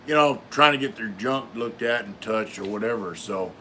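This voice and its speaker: A man's voice: medium pitch, flat delivery, fairly quick, hardly any pauses, a bit bright, a little hiss or hum. A middle-aged man hosting a live stream, telling a long story casually with lots of fillers and swearing. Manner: rambling, profane, many fillers.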